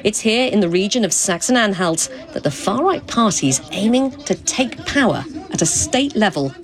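Lively woman reporting over a crowd. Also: mid-range voice, normal speed. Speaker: foreign correspondent. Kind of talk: field news report. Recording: outdoors with crowd behind.

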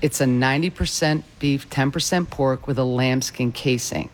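A man's voice: medium pitch, steady tone, normal speed, a little hiss or hum. A man who owns a restaurant, interviewed and speaking proudly and emphatically. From Detroit. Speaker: restaurant owner.

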